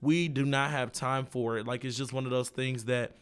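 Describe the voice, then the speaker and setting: A young vlogger addresses his viewers directly in a smooth, mid-range voice, keeping a steady tone and moderate pace. His casual talk wanders along, packed with "like" and "um."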